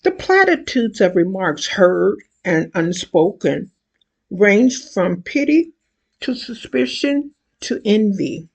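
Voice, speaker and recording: An older woman reading an excerpt from her own book aloud in a slow, measured, deliberate way. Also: medium pitch, sing-song, creaky, darkish tone, slightly rough.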